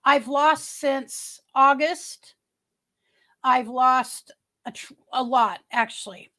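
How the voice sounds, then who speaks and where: A woman's voice: high-pitched, takes it slowly, bright, forceful tone. A middle-aged woman hosting a casual livestream, chatting with viewers in a rambling way, restarting her sentences often. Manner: greets viewers by name. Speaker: livestream host. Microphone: webcam.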